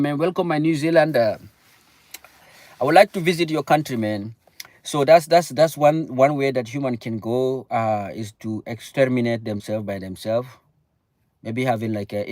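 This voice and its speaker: A young man hosts a relaxed livestream from in or near his car, his medium-pitched voice a little mellow and free of echo. He rambles along casually and keeps breaking off to greet viewers in the chat.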